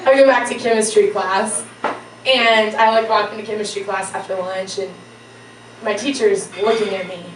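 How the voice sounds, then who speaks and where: A woman's voice: mid-range voice, steady tone, moderate pace, crowd noise. A young woman telling a funny story to a live audience, casual and profane, laughing often. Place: stage before a live audience. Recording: echoey room, distant mic, audience noise.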